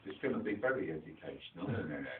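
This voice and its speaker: Low-voiced man with a rural English dialect, a playful children's theatre entertainer, recorded distant and phone-like. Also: sing-song, quick pace, echoey room, noisy background. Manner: chatty, playful, quizzes the children. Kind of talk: storytelling to a young audience.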